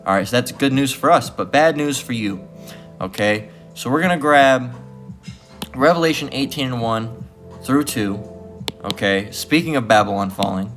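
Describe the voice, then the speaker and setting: A man's voice: mid-range voice, moderate pace, a bit bright, faint music behind. A man giving rambling religious commentary, full of repeated fillers and restarts.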